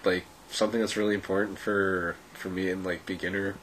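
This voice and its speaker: A man calmly explaining, in a casual chat among friends. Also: sits low, a little fast, slight background noise, low-quality recording. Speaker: weightlifter, podcast guest.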